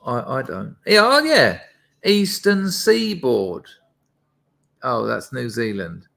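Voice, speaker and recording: A man's voice: medium pitch, huge pitch swings, unhurried, vocal fry, sharp tone. A man hosting a casual live stream, rambling and chatting to his viewers with self-deprecating asides. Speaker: livestream host.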